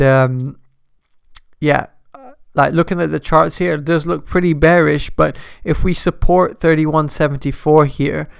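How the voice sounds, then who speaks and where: A man's voice: a little high, vocal fry, smooth. A man hosting a casual live stock market stream, talking loosely and rambling, restarting his phrases as he answers viewers' chat messages. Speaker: stock market livestream host.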